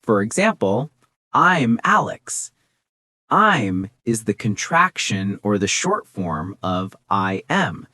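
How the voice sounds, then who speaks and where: An English teacher giving a scripted beginner lesson, encouraging and speaking example phrases slowly and clearly. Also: medium pitch, sing-song, pushed and bright, no echo, clean studio sound.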